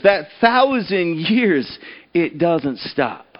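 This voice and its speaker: An earnest male preacher delivering a sermon and reading a story aloud, his voice sitting high. He stumbles and repeats himself as he starts thoughts, and the recording is dull and lo-fi. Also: animated, moderate pace. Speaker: pastor.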